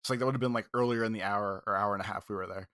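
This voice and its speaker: A man co-hosting a podcast, telling an animated, profane story in casual chat and acting out quoted outbursts. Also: on the low side, rapid-fire, no room sound, studio quality. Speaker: podcast co-host.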